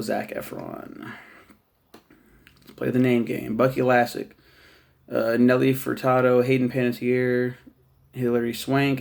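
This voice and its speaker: A man's voice: medium pitch, vocal fry. A man casually reviewing a TV show in a rambling, profane monologue, laughing at his own jokes.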